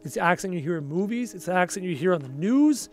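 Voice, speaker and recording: A man's voice: sits high, expressive, quick pace, darkish tone. A young Canadian man with a Canadian accent, chatting casually on a gaming livestream, thinking aloud and answering viewer comments. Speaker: livestream gamer.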